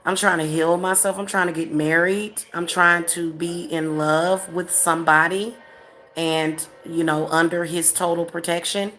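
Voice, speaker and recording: A woman with a slightly low voice talks casually to her livestream viewers as a spiritual reader. She presses her points by repeating them and chuckles often between lines. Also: steady tone, measured pace, fairly bright tone. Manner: emphatic and repetitive, chuckling often.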